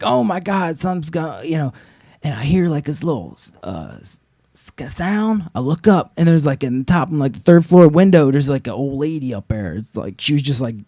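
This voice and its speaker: A man performing an improvised comic story on a live show, rambling and packed with fillers and swearing. His delivery swings between loud bursts and low mutters. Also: no echo, clean studio sound. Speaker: actor and co-host.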